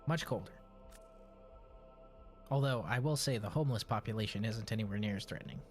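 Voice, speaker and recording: A man's voice: fairly low pitch, brisk, soft background music. A man from Texas streaming a video game, chatting casually and joking, with frequent swearing. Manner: laid-back, joking, swears often. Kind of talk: casual gaming chat.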